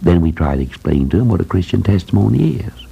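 A man's voice: deep voice, lively intonation, fast, creaky, slightly rough, muffled recording. An older man preaching a sermon in a plain folksy way, repeating phrases for emphasis. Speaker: preacher who runs a Christian school.

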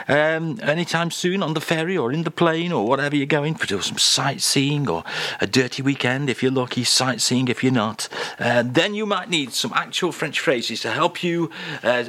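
A man hosting a comic radio-style segment in a brisk, jokey patter. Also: a little high, sharp tone.

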